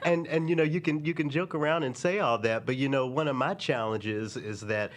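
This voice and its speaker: A man's voice: medium pitch, fairly quick. A man hosting a casual podcast conversation, laid-back and joking with slangy asides. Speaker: podcast host. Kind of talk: casual chat.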